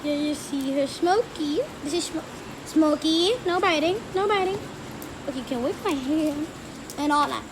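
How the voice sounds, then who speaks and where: A woman's voice: high-pitched, normal speed. A woman in a casual home vlog, chatting as she narrates playing with her pets outdoors. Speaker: pet vlogger. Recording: loud background noise outdoors.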